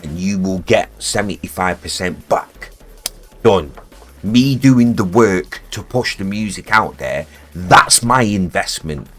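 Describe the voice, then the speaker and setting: A man's voice: low-pitched, animated, slow, fairly bright tone, faint music behind. A man, streaming live from his home studio and ranting in a heated, sweary way that keeps repeating itself. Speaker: music producer streaming live. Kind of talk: casual livestream rant.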